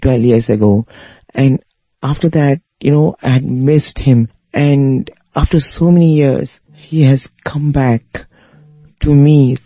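A man voicing an emotional grown man overcome with gratitude, talking high and pleading. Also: steady tone, takes it slowly, mellow, husky, no echo, dull audio. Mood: tearful grateful.

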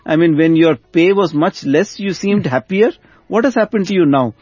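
A man voicing a wise, calm king inside a story he tells, in a muffled, dry sound. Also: high voice, moderate pace, breathy edge, no room sound. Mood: knowing.

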